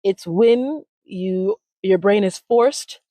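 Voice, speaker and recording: A woman in her forties speaks at an ordinary middle pitch as an interview guest. She tells her stories with animation and now and then slips into the voices of the people she quotes. The recording is close and dry. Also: takes it slowly, mellow, no echo. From United States. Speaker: language retreat founder, interview guest. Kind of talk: conversational interview storytelling.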